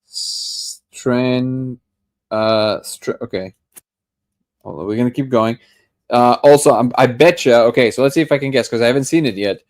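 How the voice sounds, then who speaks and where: A man's voice: medium pitch, moderate pace. A man hosting a daily live discussion, thinking aloud as he reacts to a video clip, often restarting and tripping over his words. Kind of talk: casual live commentary while watching a clip.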